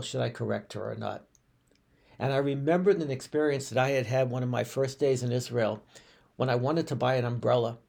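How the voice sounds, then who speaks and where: A man's voice: mid-range voice, gravelly, darkish tone, slightly rough. A man, a rabbi telling personal stories on a podcast in a reflective way, often restarting his sentences. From United States. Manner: reflective, unhurried, with frequent restarts and fillers.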